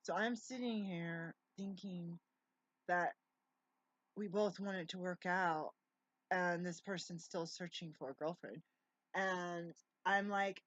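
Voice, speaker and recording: A woman's voice: lowish voice, fairly even intonation, slow, fairly bright tone, no room sound. A middle-aged woman talking to camera at home in a casual, rambling monologue, jumping between tangents and restarting her words. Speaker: vlogger. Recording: dry, slightly dull lo-fi sound.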